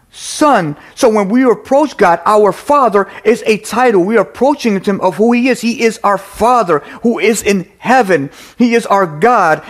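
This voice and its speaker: A middle-aged man preaching a sermon, earnest and repetitive, with restarts and fillers. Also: high voice.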